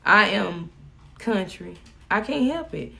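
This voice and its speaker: A woman's voice: medium pitch, expressive, slow pace, vocal fry, sharp tone. A woman with a Southern US accent chatting casually on a live stream, folksy and joking. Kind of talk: casual chat.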